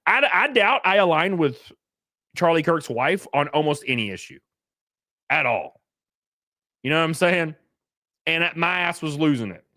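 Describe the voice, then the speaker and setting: A young man on a livestream talks straight into a close desk mic, and the sound is dry, with no room echo. His pitch swings widely as he jumps from one thought to the next. He reads chat aloud and answers it bluntly, swearing freely. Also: expressive, moderate pace, pauses often, sharp tone. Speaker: streamer reading live chat. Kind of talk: casual livestream commentary.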